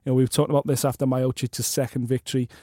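A man's voice: mid-range voice, level tone, rapid-fire, warm tone, no room sound, clean studio sound. A man co-hosting a casual MMA podcast, talking with enthusiasm and emphasis. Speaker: podcast co-host.

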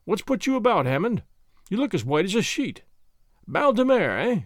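A man doing a hearty English gentleman, cool-headed and shrewd, who teases an anxious friend with easy good humour. The voice sits high and swings lively through its phrases, up close in a dry, deadened sound. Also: normal speed, dry recording. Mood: easygoing. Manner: jovial and teasing.

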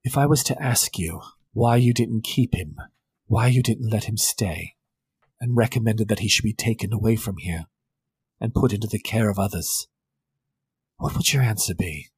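A man voicing a cruel, amused female vampire official, speaking low and soft. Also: moderate pace, breathy edge. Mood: menacing.

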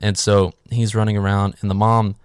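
Sarcastic male movie recapper, lowish voice, dry close sound, loose and profane. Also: little pitch movement, normal speed, clean tone, dry recording. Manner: sarcastic, swears freely, filler "like". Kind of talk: casual comedic movie recap.

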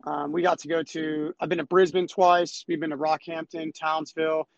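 A young man speaking as a guest in a casual chat, relaxed and rambling. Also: on the high side, normal speed, vocal fry, dry recording. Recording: dry, slightly dull sound.

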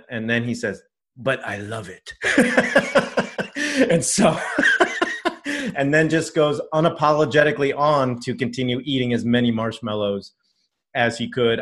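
A man's voice: medium pitch, steady tone, quick pace. Rambling man telling a story. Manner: rambling, many fillers and restarts. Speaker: podcast co-host telling a story. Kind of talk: casual storytelling.

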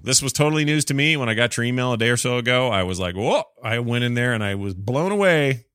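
A man's voice: medium pitch, animated, fast, fairly bright tone, clean tone, dry recording, studio quality. A man hosting a podcast, reading listener emails aloud and chatting about them in a rambling, self-deprecating way. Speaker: podcast host.

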